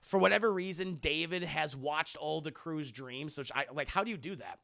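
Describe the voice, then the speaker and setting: A young man with a high, gravelly voice rattles through a film recap in a loose, profane way. His tone is bright and forward, and he keeps slipping into silly voices for the characters. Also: normal speed, few pauses. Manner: animated retelling, acting out characters in silly voices. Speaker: host reviewing a film with live chat.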